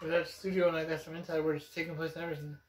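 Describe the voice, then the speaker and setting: A young man races along in a level-toned voice on the high side, with slight background noise in an echoey room. As co-host of a casual gaming chat, he rambles about video games, self-assured and claiming insider knowledge.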